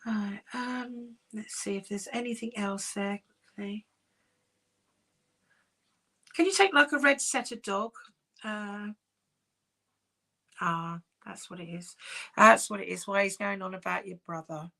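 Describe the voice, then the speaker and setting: A woman working as a psychic medium, giving live-streamed readings in a soft, reassuring, chatty way with many pauses. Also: mid-range voice, steady tone, creaky. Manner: soft, reassuring, calls sitters "my darling".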